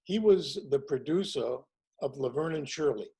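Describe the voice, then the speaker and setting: Husky man telling show business stories. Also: mid-range voice, moderate pace, poor audio. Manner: animated storyteller acting out quotes in other voices. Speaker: guest, warm-up comedian. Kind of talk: casual storytelling chat.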